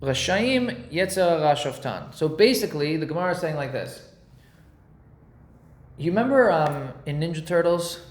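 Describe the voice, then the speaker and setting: A man with a somewhat high voice delivers a relaxed Torah class at a moderate pace, full of slang and pop-culture comparisons. He's animated and leans on everyday examples to make his point. The room sounds echoey.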